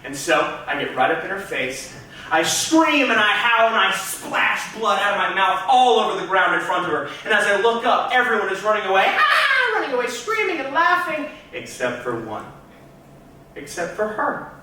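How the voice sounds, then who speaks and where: On a club stage, a man does stand-up, telling a story theatrically and punchily while addressing the crowd directly. His voice is high-pitched, pushed and bright, with big pitch swings at a moderate pace. The mic is distant in an echoey club room.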